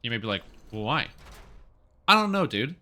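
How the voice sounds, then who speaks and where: A man's voice: medium pitch, sing-song, racing, sharp tone. A young man from Canada streaming a game, chatting casually in a rambling way and answering his chat. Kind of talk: casual chat while gaming.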